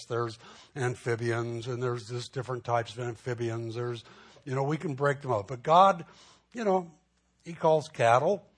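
A pastor delivering a sermon in a plain, mid-pitched voice. He teaches in a loose, conversational way, doubling back on words and adding asides, and livens up when telling a personal story. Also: fairly bright tone.

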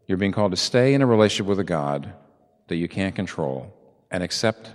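A man preaching a sermon as pastor, swinging from soft asides to loud, emphatic peaks. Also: sits low, expressive, a little fast, big-room sound.

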